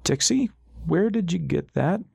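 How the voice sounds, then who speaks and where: A man's voice: a little high, animated, a little slow, creaky, darkish tone, breathy edge, dry recording, clean studio sound, voice pushed up, heavily acted. A man narrator voicing a wry, stubborn male airship pilot in an audiobook, speaking in a sardonic way.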